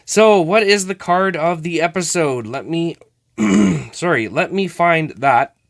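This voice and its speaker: Male vlog host, chatty, unhurried delivery with a very expressive pitch. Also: gravelly. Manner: chatty, talks to viewers while sorting cards. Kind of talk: casual card-opening vlog.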